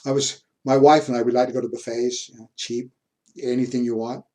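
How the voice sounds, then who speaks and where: A man's voice: mid-range voice, flat delivery, brisk, warm tone. Chatty man lecturing. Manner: chatty storytelling, chuckles often. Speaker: university history lecturer. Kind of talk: classroom lecture with anecdotes.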